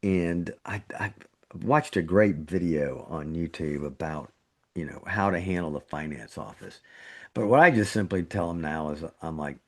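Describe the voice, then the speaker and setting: A man's voice: sits low, normal speed, a little mellow. A middle-aged man, a surgeon co-hosting a podcast, telling a story in casual chat, his voice jumping up when he gets indignant. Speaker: trauma surgeon, podcast co-host.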